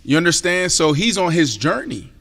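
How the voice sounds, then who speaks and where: Animated former football player man, higher voice. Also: moderate pace, husky, big-room sound. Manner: animated storyteller, emphatic, drops into a hushed voice to tell a story. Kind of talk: casual sports talk show chat.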